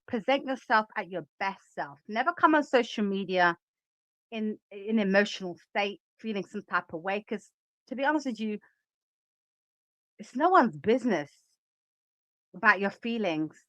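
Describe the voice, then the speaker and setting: An adult woman with a bright, forward, mid-range voice talks directly to her viewers in casual livestream commentary, reacting and reading the chat aloud. She's opinionated and emphatic, with lively intonation and a normal pace, recorded dry and close with no echo or room sound.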